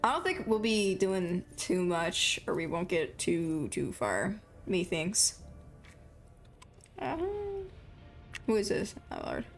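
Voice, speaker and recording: A woman's voice: on the low side, expressive, takes it slowly, faint music behind. Young woman streamer mumbling over gameplay. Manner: self-described mumbler, chatty, muttering to herself. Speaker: game streamer. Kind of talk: casual live-stream chatter while playing.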